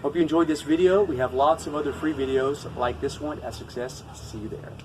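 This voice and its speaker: A man who speaks English natively, teaching a pronunciation lesson to camera, patient and repeating each example slowly. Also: a little high, far from the mic, noisy background.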